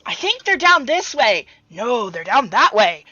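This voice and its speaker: A woman doing a loud, mischievous little creature. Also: a little high, sing-song, unhurried, husky, dull audio, exaggerated voice. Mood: playful. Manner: loud, playful chatter. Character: small mischievous creature making a ruckus.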